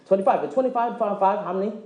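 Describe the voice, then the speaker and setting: A man giving a motivational sales presentation, joking and quizzing the audience, acting out quick dialogues. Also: high-pitched, reverberant, phone-quality sound. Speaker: presenter at a direct-sales meeting. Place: meeting room with live audience.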